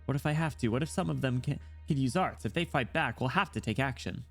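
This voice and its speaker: A man's voice: medium pitch, quick pace, vocal fry, fairly bright tone, soft background music. A man reading aloud, voicing a hot-tempered young woman soldier of a rebel group in a game story, menacing and clipped.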